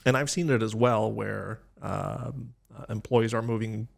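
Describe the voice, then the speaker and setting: A man guesting on a podcast, chatting in an easygoing way. His voice is low and full of gravelly fry. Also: steady tone, unhurried. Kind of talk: casual conversation.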